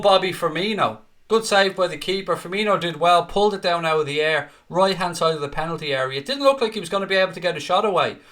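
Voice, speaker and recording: A young man commentates on a football match for a live fan stream. His voice sits a touch high and comes across bright and forceful. He calls the action excitably and swears freely as he bounces between play-by-play and teasing the chat. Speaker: watchalong host and fan commentator.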